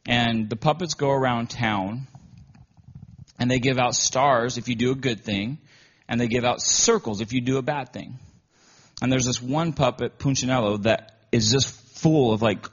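Male preacher, husky voice, chatty emotional sermon delivery, dull lo-fi audio. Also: mid-range voice. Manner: conversational storytelling, often emotional. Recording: dull lo-fi recording.

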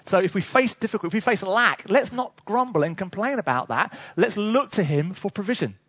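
Male preacher, sermon; high husky voice, chatty storytelling with chuckles. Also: brisk, dry recording. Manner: lively storytelling with chuckles, asides to the congregation.

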